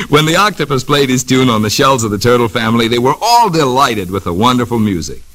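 A man narrating a children's story on a record in a gentle, expressive way. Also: medium pitch, fast. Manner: gentle, sing-song and expressive.

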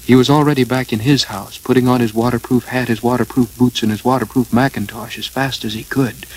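A man reading a children's story aloud in an even, gentle narration. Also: medium pitch, a little fast, slightly rough, rough recording.

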